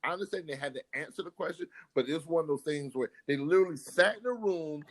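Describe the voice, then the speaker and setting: A man's voice: on the high side, fast talker, rough recording. A man co-hosting a sports podcast, ranting in exasperation and tripping over repeated words. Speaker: podcast co-host. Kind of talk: heated casual sports chat.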